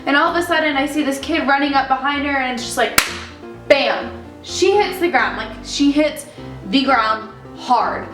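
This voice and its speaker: A young woman vlogger telling a story about her daycare job, chatty and animated, acting out the people in it. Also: high voice, moderate pace, echoey room, recorded from a distance, music in the background, poor audio. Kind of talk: casual storytelling vlog.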